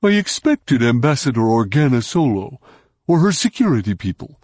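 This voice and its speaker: A man's voice: mid-range voice, sing-song, normal speed, darkish tone, no room sound. Guy doing a growly pompous alien slug, stiff formal way of talking, dry close sound. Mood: insistent. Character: large male slug-like alien, pompous, sly.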